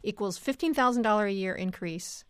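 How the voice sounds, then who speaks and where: A woman hosting a public radio talk show, introducing guests and moderating in a clear, conversational way. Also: mid-range voice, a little fast, dry recording. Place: radio studio.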